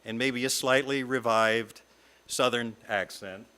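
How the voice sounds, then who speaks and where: A middle-aged man from the American South, a guest speaker giving a reflective talk read from a script in a lyrical, measured way. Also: medium pitch, animated, pushed and bright. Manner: lyrical, measured reading with long lists. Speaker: guest speaker at a fellowship service.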